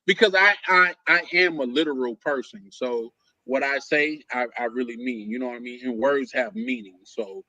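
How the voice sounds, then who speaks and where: A man's voice: medium pitch, moderate pace, sharp tone, no echo, highs cut off. A man hosting a casual live stream chat, joking, stumbling over and repeating words, and laughing often.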